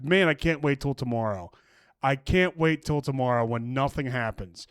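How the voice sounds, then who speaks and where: A man's voice: medium pitch, moderate pace, clean tone, dry recording, clean studio sound. Mocking, foul-mouthed man ranting. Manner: mocking, angry, crude, lots of restarts. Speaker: streamer reacting to posts. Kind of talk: profane casual rant.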